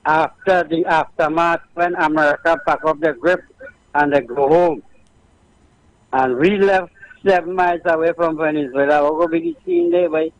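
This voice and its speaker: A man calls into a radio show in a cheerful, laughing manner. His voice sits slightly high. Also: animated, normal speed, low-quality recording. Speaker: caller.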